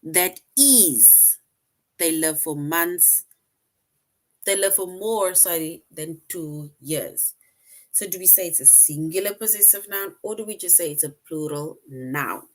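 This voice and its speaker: Slow, patient woman teaching grammar. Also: fairly low pitch. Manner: slow, patient, reads sentences aloud then quizzes. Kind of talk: online grammar lesson.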